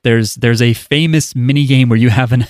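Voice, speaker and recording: A man's voice: medium pitch, fairly even intonation, normal speed, no echo, clean studio sound. A man hosting a casual podcast chat and offering wry, joking opinions. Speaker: podcast host.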